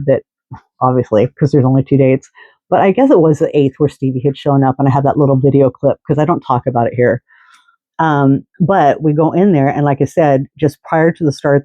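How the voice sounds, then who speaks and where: A man's voice: medium pitch, dry recording, highs cut off. A man telling a long, rambling story in a casual, chatty way, full of fillers and restarts. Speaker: fan podcast host.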